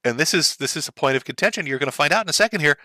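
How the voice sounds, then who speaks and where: Sarcastic middle-aged man, lively bright voice. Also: fairly high pitch, rapid-fire, no room sound. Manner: mocking, sarcastic. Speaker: streamer commentator. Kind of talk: sarcastic live-stream commentary.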